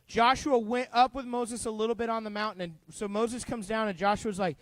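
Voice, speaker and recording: A man teaching a middle school youth group, retelling a Bible story in an animated, conversational way and asking the kids questions. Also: high-pitched, a little fast, hardly any pauses, dry recording. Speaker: youth pastor.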